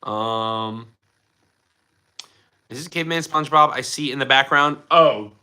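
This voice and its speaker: A man's voice: mid-range voice, unhurried, bright, forceful tone, clear, resonant tone. A man from Philadelphia hosting a livestream, chatting casually and enthusiastically as he answers viewers' questions. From Philadelphia, USA. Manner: chatty, enthusiastic, jumps between topics. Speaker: livestream host.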